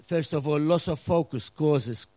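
Male pastor, middle-aged, warm mellow tone, dry close sound, earnest sermon delivery. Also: on the high side, measured pace, no echo, poor audio. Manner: earnest preaching with acted-out asides, drops to a hush.

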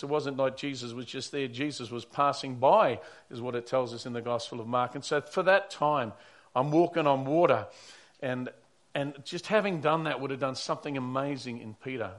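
A man's voice: mid-range voice, fairly bright tone. A man who is a pastor preaching a sermon, telling stories earnestly and often repeating or restarting his words.

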